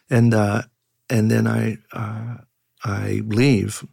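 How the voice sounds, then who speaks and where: A middle-aged man, a pastor, telling reflective stories in an earnest, halting way with many fillers. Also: fairly low pitch, little pitch movement, gravelly, a little mellow, breathy edge, no room sound, clean studio sound. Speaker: pastor and guest. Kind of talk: reflective conversational storytelling.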